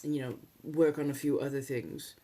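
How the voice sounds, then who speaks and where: Speaking softly and chattily on her ASMR livestream, this low-voiced woman adopts a mock 1700s colonial American accent. Her tone stays steady at a normal speed, though she's playfully teasing and laughs a lot.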